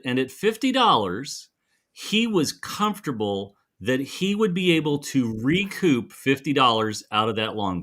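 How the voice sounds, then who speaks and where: Animated man telling a shop story. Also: medium pitch. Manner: animated storyteller acting out quoted voices. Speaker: podcast co-host. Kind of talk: casual storytelling chat.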